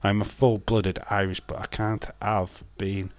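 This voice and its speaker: A man's voice: on the low side, little pitch movement, unhurried, no echo. A man hosting a live stream, chatting casually, reading out chat messages and teasing viewers with frequent laughs. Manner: jokey, teasing, laughs often.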